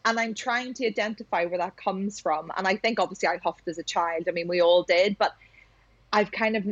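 A woman's voice: medium pitch, brisk, no echo. A woman hosting a podcast, telling candid, confessional stories in a casual chat. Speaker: podcast host. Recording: dry, dull lo-fi sound.

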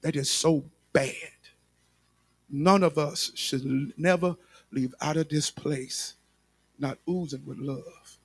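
A man's voice: fairly high pitch, fairly even intonation, slow, creaky, breathy edge, dry recording. A male pastor preaching a sermon with emphatic repetition, speaking straight to his congregation.

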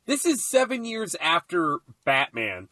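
A man's voice: sits high, wildly swooping pitch, bright, forceful tone, no echo, studio quality. A man co-hosting a podcast, tossing out goofy jokes and banter about a movie. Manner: goofy, quick banter and joking asides. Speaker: podcast co-host. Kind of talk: casual comedic movie commentary.

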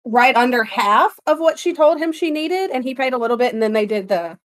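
A woman co-hosting a podcast, chatting casually and telling a story with animated, giggly energy. Her voice is fairly high and swoops all over as she talks. She directs her partner with playful bossiness. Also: fairly quick. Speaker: podcast co-host. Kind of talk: casual chat.

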